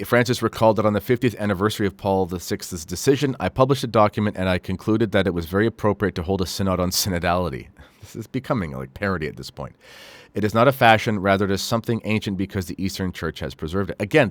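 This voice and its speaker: A man's voice: fairly low pitch, fast talker, few pauses, dry recording. A man hosting a commentary show, reading quotes aloud and adding critical, sarcastic remarks with frequent fillers. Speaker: host.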